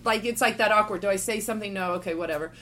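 A woman in her forties, appearing as a podcast guest, talks rapid-fire at a medium pitch. She tells a story casually and animatedly, acting out what other people said.

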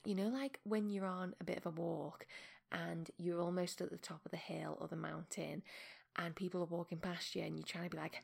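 A woman in her thirties hosting a podcast, talking in a soft, often half-whispered, self-mocking monologue. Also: lowish voice, fairly even intonation, moderate pace, vocal fry. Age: 30s. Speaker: podcast host.

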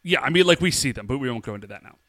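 A man's voice: medium pitch, expressive, racing, fairly bright tone, dry recording, studio quality. A man co-hosting a podcast, casually recapping an episode, chatty and laughing, acting out lines in quotes. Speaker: podcast co-host.

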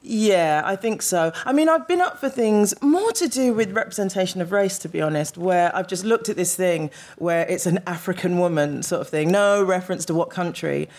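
Woman, actor guest, animated storyteller, laughs a lot, casual live podcast chat. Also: fairly low pitch, moderate pace, few pauses.

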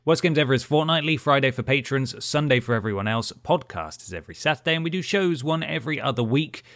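A man co-hosting a podcast, closing out the episode in casual chat and trailing off softly at the ends of phrases. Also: medium pitch, animated, quick pace, no room sound. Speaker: podcast co-host.

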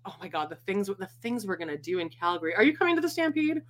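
A woman's voice: medium pitch, sing-song, fast. A woman hosting a podcast, chatting casually, laughing often and swearing freely. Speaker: podcast host. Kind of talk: casual chat.

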